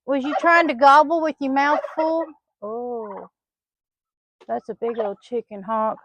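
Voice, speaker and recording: High-voiced woman scolding her hens. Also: steady tone, a little slow, a bit bright, no room sound. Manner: chatty, scolds her birds like children in a sing-song voice. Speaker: farm vlogger. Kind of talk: casual talk while doing farm chores. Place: outdoor poultry pen on a small farm. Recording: dull lo-fi outdoor recording.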